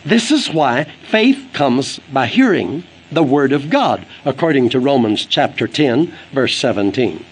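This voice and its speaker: A man's voice: medium pitch, very animated, unhurried, hardly any pauses, breathy edge, low-quality recording. A man delivering an earnest, emphatic sermon for an audio book, quoting scripture as he preaches. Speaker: evangelist preacher.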